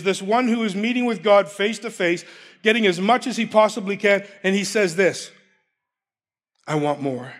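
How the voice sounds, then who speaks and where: Very high-voiced man preaching a sermon. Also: a bit bright. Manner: emphatic, repeats key phrases, laughs between points.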